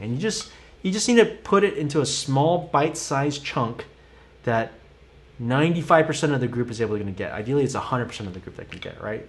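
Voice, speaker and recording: A man teaching an online drum lesson, counting beats aloud and encouraging the student. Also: mid-range voice. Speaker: drum instructor. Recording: loud background noise.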